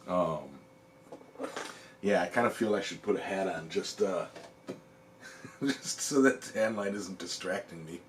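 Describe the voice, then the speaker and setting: Easygoing male stream host with a very low voice and a quick chuckle, casual chat. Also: a little hiss or hum. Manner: chuckles often while reading chat; relaxed, rambling, lots of ums. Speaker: livestream host.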